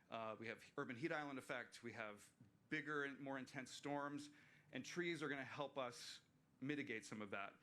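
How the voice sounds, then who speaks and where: A man's voice: mid-range voice, sharp tone. A man presenting plans at a community meeting, earnest and explanatory, with fillers and restarts. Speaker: park planner presenting. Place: waterfront venue, livestreamed meeting.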